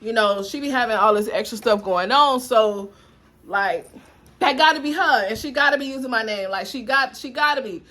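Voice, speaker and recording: A young adult woman telling a dramatic personal story to her viewers in a lively, animated way. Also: fairly high pitch, moderate pace. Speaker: vlogger. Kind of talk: storytime vlog.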